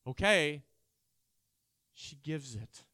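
A man preaching a sermon, acting out Bible characters' lines and swinging between loud and quiet delivery. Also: a little high, expressive, very slow, no echo, studio quality.

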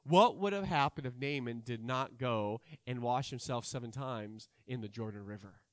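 A man preaching a sermon, acting out Bible characters' lines and swinging between loud and quiet delivery. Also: medium pitch, moderate pace, no room sound, clean studio sound.

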